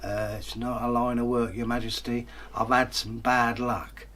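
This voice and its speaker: A man's voice: little pitch movement, a little slow, a bit bright, natural voice. A man doing a grumbling filthy old tramp. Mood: humble. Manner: low, grumbling and self-deprecating. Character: filthy poor male tramp, humble and cheeky.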